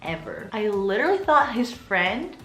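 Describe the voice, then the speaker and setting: A woman's voice: medium pitch, big pitch swings, normal speed, bright, forceful tone, soft background music. A woman in her twenties chatting casually as she tells a personal story to camera, talking animatedly and using a lot of filler words. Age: 20s. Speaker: vlogger. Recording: roomy echo.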